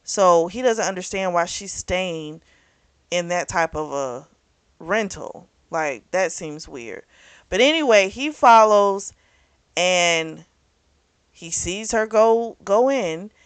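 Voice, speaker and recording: Woman, book club host, lowish pitch, close dry mic, loose rambling recap full of filler words. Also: expressive, takes it slowly, clear, resonant tone, no room sound. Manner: chatty, rambling, full of "like" and "you know"; self-correcting, loses track of names.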